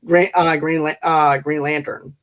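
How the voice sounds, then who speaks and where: Slightly high-voiced man reviewing films. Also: level tone, unhurried, fairly bright tone. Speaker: podcast co-host. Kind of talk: casual movie review chat.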